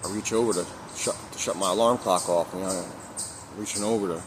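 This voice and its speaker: A man's voice: low voice, steady tone, fairly quick, noisy background. A man candidly telling a personal story to camera, repeating phrases for emphasis and swearing now and then. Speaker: recovery vlogger.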